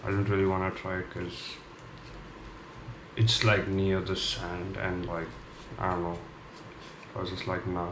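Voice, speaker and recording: A man's voice: sits low, level tone, unhurried, pauses often, noisy background. A young man vlogging, telling a casual story with a rambling, candid manner and many fillers. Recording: echoey room with clear background ambience.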